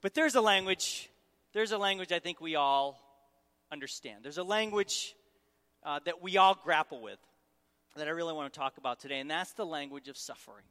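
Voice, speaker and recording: A guest preacher, middle-aged and from Syracuse, New York, engages his audience with humor, teasing and questioning them at a normal pace. Each phrase of his bright, forceful, slightly high voice trails off into a long reverb in a large hall.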